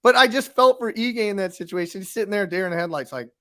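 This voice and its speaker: A man's voice: sits high, fast talker, pushed and bright. A man co-hosting a casual sports talk show who recaps events emphatically, like a storyteller. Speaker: co-host, sports commentator.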